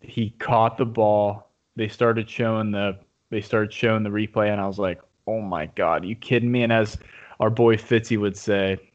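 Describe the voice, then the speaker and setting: Excitable man retelling a football game. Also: lowish voice, normal speed. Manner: excited storytelling, rambling with restarts. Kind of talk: casual sports chat. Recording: dull lo-fi audio.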